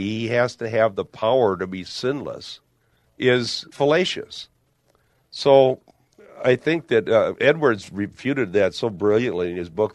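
An older man leads a theological discussion in a lowish voice. He presses his points with emphasis and everyday illustrations. The sound is dry and close. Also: dry recording. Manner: emphatic, builds arguments with illustrations. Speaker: Bible teacher.

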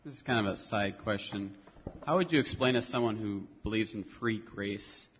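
A man's voice: fairly low pitch, normal speed. A man in the audience of a Bible study asking the teacher a question. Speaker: class member asking a question. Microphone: far from the mic. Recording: distant, dull and echoey in a hall, faint noise.

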